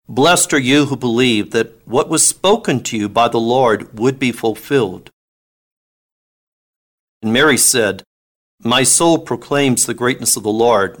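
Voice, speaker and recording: Guy reading scripture at mass, steady solemn delivery, middle pitch. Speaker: scripture reader.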